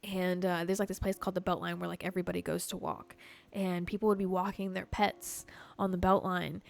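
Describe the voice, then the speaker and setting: Animated swearing woman podcast host. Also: on the low side, fairly quick, creaky. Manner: animated, swears often, heavy "like" filler. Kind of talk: casual storytelling chat.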